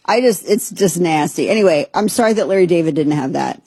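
A woman's voice: lowish voice, expressive, brisk, mellow, slightly rough. A woman hosting a podcast, giving chatty, sarcastic, rambling commentary. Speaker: podcast host. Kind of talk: opinionated casual commentary.

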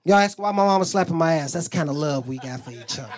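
A man's voice: a little high, fast. A young adult man doing a stand-up comedy set, telling crude, profane stories and acting out the lines of people in them. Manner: animated storytelling, acts out quoted lines.

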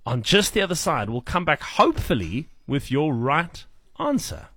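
A man hosting a breakfast radio show, running a guess-the-celebrity game in an energetic, playful, teasing way. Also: fairly high pitch, moderate pace, background noise. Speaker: radio host.

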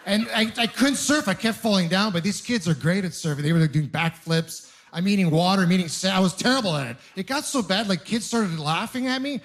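A man's voice: high voice, animated, brisk, hardly any pauses, a bit bright. A man performing a stand-up comedy set in a self-deprecating, rambling way, with restarts and exaggerated stories.

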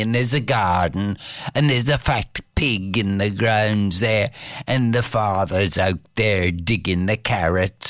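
Very low gravelly lady spinning an old folk tale, slow and lilting, dry close sound. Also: no room sound. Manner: slow, drawn-out, lilting, swoops up for lively parts. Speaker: storyteller. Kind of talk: oral folk storytelling.

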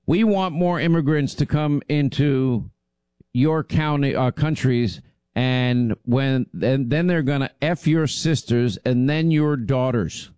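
Man, talk radio host, emphatic and indignant, mid-pitched, dry close mic. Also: takes it slowly, a little mellow, clean tone, no room sound. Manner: indignant, emphatic, repeats himself.

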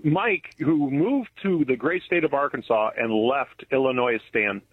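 A man's voice: medium pitch, normal speed, slightly rough, no echo. Male caller over a tinny phone line. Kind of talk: call-in radio chat.

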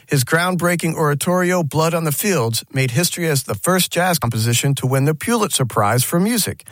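A man's voice: fairly high pitch, no room sound. A man hosting a short scripted radio segment with a polished, enthusiastic announcer delivery. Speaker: radio host.

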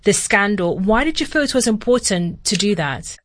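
A woman interviewer asking questions in a measured, clear way. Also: medium pitch, animated.

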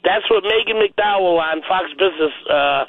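New guy calling in over a thin phone line, pretty high voice, chatty and worked up. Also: moderate pace, over a noisy crowd. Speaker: caller. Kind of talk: call-in radio chat.

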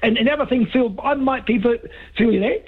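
A man's voice: very high voice, fairly quick, breathy edge. A man with an Australian accent calling in to a talkback radio show, rambling and emphatic, repeating himself, heard over a muffled phone line. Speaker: talkback caller. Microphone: telephone.

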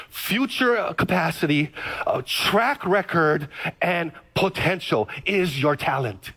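A man, a pastor preaching an energetic sermon full of personal stories. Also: high voice. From Hawaii. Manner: energetic, storytelling with dramatic pauses.

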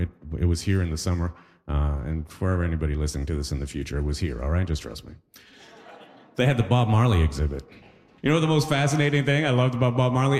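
A Caribbean man with a Trinidadian accent performing an animated stand-up set, laughing at his own jokes and shouting punchlines. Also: low-pitched. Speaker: stand-up comedian. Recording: live room with long reverb.

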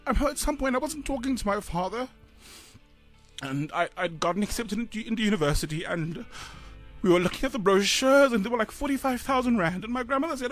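A high-voiced South African man in his thirties talks on breakfast radio in a halting way, sighing often and close to tears. Soft music sits faintly beneath him. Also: lively intonation. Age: 30s. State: choked up. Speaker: radio co-host. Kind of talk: emotional radio chat.

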